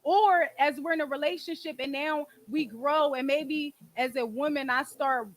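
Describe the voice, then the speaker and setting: Woman, high voice, Philadelphia accent, blunt, profane, animated, casual chat host. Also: moderate pace, poor audio.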